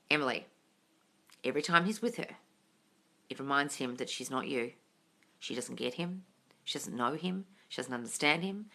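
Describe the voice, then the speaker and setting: A very bright, sharp-toned woman chats through a live Q&A as a manifesting coach, reading out viewer comments. Her pitch swoops up and down, she swears casually and calls everyone darling. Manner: gushing bursts of excitement.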